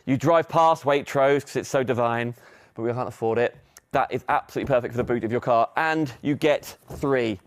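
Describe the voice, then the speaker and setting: A man's voice: mid-range voice, a little fast. A middle-aged man presenting a live TV shopping demonstration, giving chatty, upbeat sales patter with asides to viewers.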